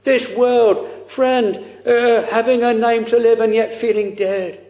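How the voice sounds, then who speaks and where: A man preaching a sermon, slow and fervent, drawing out pleading phrases. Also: extremely high pitch, fairly even intonation, a little mellow. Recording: dull lo-fi recording in a reverberant hall.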